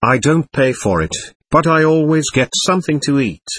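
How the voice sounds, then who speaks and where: A man's voice: a little high, lively intonation, normal speed, fairly bright tone, no room sound. A man voicing the petulant, defiant spirit of a young girl in an audiobook reading of a seance record. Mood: defiant, sulking. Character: angry spirit of a young girl, willful and stamping.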